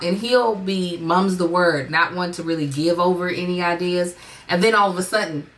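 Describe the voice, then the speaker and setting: A woman's voice: lowish voice, moderate pace, a bit bright. A woman content creator hosting a podcast in casual chat, chatty and playful.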